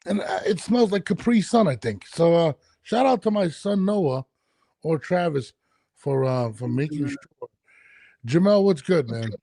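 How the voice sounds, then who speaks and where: A man's voice: fairly high pitch, measured pace, vocal fry, no echo. A man hosting a podcast from his home studio, talking casually and ranting with lots of swearing. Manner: profane, animated ranting. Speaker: podcast host. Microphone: studio headphones and mic.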